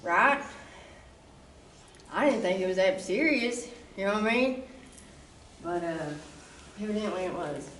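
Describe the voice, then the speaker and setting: Young woman, bright voice, conversational testimony, roomy distant sound. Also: medium pitch, expressive, a little slow, long pauses, slight background noise. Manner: casual storytelling with frequent asides. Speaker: speaker giving a recovery testimony. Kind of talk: personal testimony.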